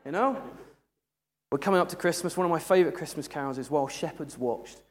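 A man's voice: a little high, fast talker. A man preaching a sermon in a humorous, conversational way. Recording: echoey hall.

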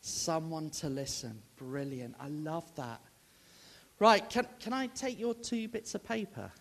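Minister, animated storyteller who acts out the dialogue, gets the room calling out answers, a voice that swings a lot. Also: male voice, a little high, unhurried, creaky. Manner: rallies the audience to call out answers. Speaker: Baptist minister. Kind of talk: storytelling sermon to a congregation.

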